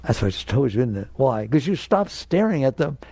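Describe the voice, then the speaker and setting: A man's voice: medium pitch, big pitch swings, brisk, gravelly, warm tone, breathy edge, no room sound. An older man giving a spiritual talk to an audience, direct and emphatic, sometimes acting out inner voices. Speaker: spiritual teacher.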